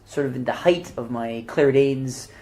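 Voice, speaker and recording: A man's voice: medium pitch, measured pace, warm tone. A man co-hosting a podcast about films, talking in a rambling, hesitant casual chat, often laughing at his own jokes. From North America. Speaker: podcast co-host.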